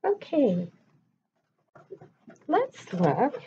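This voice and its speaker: A woman's voice: fairly high pitch, huge pitch swings, extremely slow, dark tone, dull audio, a little hiss or hum. A woman teacher reading a picture book aloud to children, stopping to ask them questions. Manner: stops to ask listeners questions.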